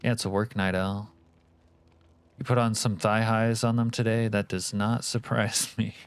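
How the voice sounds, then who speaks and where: A man's voice: fairly low pitch, flat delivery, normal speed, clean tone, no echo. A man hosting a livestream, chatting casually and joking with his viewers in a profane banter while reading chat. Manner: reads and answers live chat. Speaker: livestream host.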